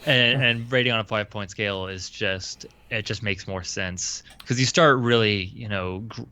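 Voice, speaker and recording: A man co-hosting a casual gaming podcast, easygoing and quick to react. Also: on the low side, bright, forceful tone. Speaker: podcast co-host.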